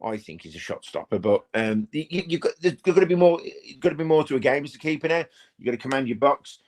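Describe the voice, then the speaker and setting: A man's voice: a little high, quick pace. Chatty man calling a match. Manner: chatty, rambling, bursts into excited play-by-play. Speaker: fan channel host. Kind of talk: live match watch-along commentary. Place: at home.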